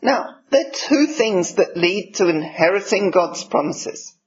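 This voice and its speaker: A man preaching a sermon. He reads scripture in a measured way and explains it. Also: high voice, lively intonation, slightly rough. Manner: measured, slow reading of scripture. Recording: dull lo-fi recording.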